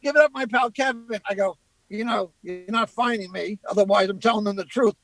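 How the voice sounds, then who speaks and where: A middle-aged male comedian, telling animated anecdotes and acting out what people said. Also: high voice, brisk, poor audio. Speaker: comedian guest. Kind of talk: casual storytelling.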